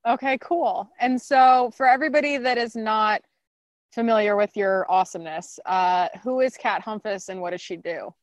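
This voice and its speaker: An effusive, upbeat woman hosts a casual interview, introducing and praising guests. Her voice is of middling pitch, recorded close and dry. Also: moderate pace, no echo. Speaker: host.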